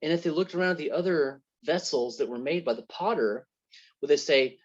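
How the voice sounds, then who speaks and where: A man's voice: fairly high pitch, brisk. Earnest man telling faith parables, lo-fi. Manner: earnest, faith-centred storytelling through parables. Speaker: interview guest. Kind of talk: personal testimony in an interview. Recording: dull lo-fi sound.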